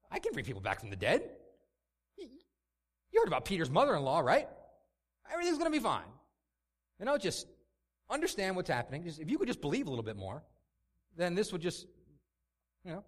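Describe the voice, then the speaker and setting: A man's voice: high voice, wildly swooping pitch, racing, few pauses, dark tone, voice pushed up, exaggerated voice. A man putting on the voice of a glib, preachy man who offers tidy platitudes in a mocking, sing-song tone.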